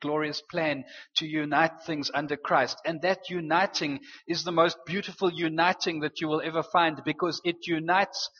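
High-voiced preacher. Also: male voice. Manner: earnest, animated preaching with playful teasing asides. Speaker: pastor. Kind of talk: sermon. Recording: dull, reverberant hall sound.

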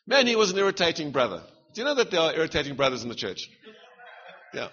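A man's voice: on the high side, big pitch swings, fast, a bit bright, lo-fi sound. A middle-aged man with a South African accent preaching a sermon, punchy and humorous, firing rhetorical questions at the congregation.

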